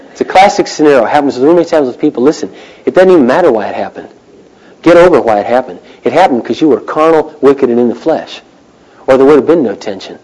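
A middle-aged man preaching a sermon, swinging from loud, emphatic lines to quiet, hushed asides. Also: mid-range voice, lively intonation, quick pace, slight background noise, low-quality recording. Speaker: pastor.

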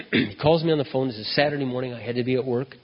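A man preaches a sermon through a story, acting out each voice in an animated way. His voice is husky. The recording sounds muffled and dull, with the long reverb of a hall. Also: mid-range voice, fast talker. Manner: animated, acts out dialogue.

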